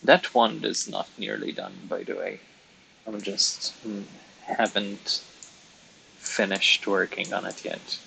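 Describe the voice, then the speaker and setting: A man's voice: fairly low pitch, level tone, slow pace, vocal fry, bright, forceful tone, slight background noise, poor audio. A man streaming live, chatting casually while he colours, chatty and self-mocking with frequent giggles.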